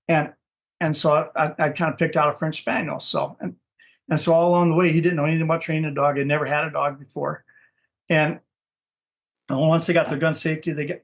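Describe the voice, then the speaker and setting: A fairly high-pitched man, a Minnesota dog breeder, spins stories during a laid-back interview. He meanders and falls back on repeated words as he tries to find his phrasing.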